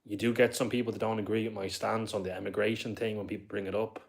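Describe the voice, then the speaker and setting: A man's voice: on the low side, little pitch movement, quick pace, gravelly. A young man with a Dublin accent, rambling casually through a live stream and talking back to his viewers. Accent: Dublin Irish. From Ireland. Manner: rambling, talkative, reads viewer comments aloud.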